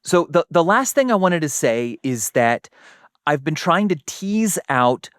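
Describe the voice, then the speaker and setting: Male co-host, casual science chat, animated delivery with acted-out quotes, dry room. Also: fairly high pitch, measured pace, clear, resonant tone, no echo. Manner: animated, acts out little quoted exchanges.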